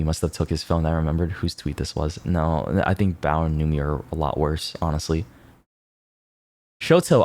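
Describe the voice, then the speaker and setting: Man, streamer, very low voice, excitable and sweary, dry close sound. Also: no room sound. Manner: excitable, swears freely, jumps between mumbling and loud outbursts. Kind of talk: casual stream chat, reacting to posts.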